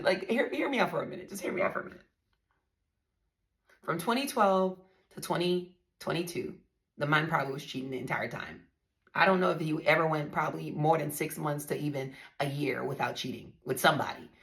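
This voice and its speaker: A woman's voice: low-pitched, vocal fry. A woman hosting a podcast, telling her own story in a blunt, emphatic way and speaking straight to her listeners. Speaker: podcast host. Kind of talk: candid storytelling monologue.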